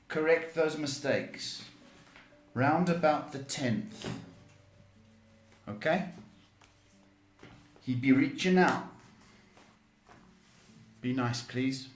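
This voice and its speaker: Male psychic host, slow and emphatic, blunt advice, roomy echo. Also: medium pitch, animated, soft background music. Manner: emphatic, blunt advice with repeated words and restarts. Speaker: psychic tarot reader and show host. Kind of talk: live-stream advice show.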